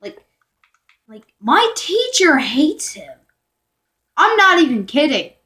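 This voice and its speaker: A woman's voice: high-pitched, very animated, slow pace, sharp tone. Rambling young girl telling a storytime. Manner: rambling, full of fillers and asides, sometimes whispering. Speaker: vlogger. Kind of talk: storytime vlog.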